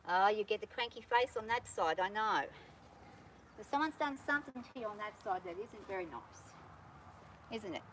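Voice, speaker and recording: A woman handling a horse on a farm who talks calmly and patiently, coaxing the animal softly and explaining each step to viewers. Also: medium pitch, normal speed, noisy background. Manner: calm and patient, coaxing the horse in a soft praising voice; explains steps plainly to viewers while working. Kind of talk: hands-on training commentary. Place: outdoors on a farm.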